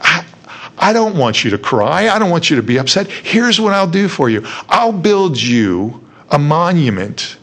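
A man's voice: mid-range voice, lively intonation, moderate pace, a bit bright. A preacher acting out an ancient king who soothes his wife and reasons aloud. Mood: soothing. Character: ancient king, doting and accommodating husband.

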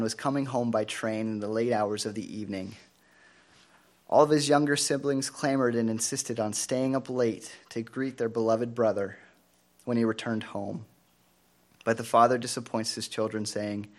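A man preaching a sermon in an earnest, measured way, asking the congregation rhetorical questions. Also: medium pitch.

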